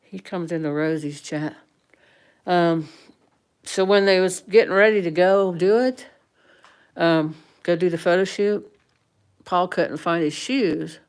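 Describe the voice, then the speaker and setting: A woman's voice: on the low side, measured pace, long pauses, darkish tone, clear, resonant tone. A woman in her sixties chatting casually to viewers on a livestream, rambling and chatty, full of fillers and restarts. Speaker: livestream host.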